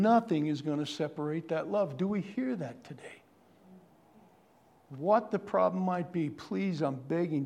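Pastor, male, high-pitched; passionate sermon, swings from booming to whispered. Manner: swings from loud, drawn-out preaching to hushed near-whisper; earnest, pleading, conversational.

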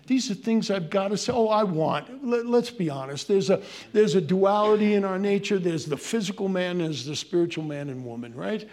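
A man preaching a sermon, swinging from loud emphasis to hushed pleading as he addresses his congregation. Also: high-pitched, animated, moderate pace. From Irish heritage. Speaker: pastor.

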